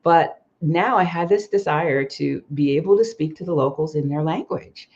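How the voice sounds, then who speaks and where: Telling casual personal stories on her livestream, an expat coach speaks at normal speed in a low, darkish voice. She's chatty, saying um a lot and correcting herself often, and the stream audio is slightly muffled.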